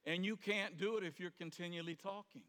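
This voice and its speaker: A male pastor gives a sermon in a church sanctuary, talking to his congregation in a loose, conversational way. His voice is bright and a little high, and he slips into the voices of the people in his stories. A long reverb from the hall trails behind his words. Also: a little fast. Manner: conversational, plays out quoted voices, rises to sudden shouts.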